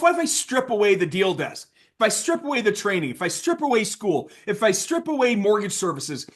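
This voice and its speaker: In an informal sales training talk, a man speaks bluntly and with agitation, alternating loud bursts with hushed side remarks.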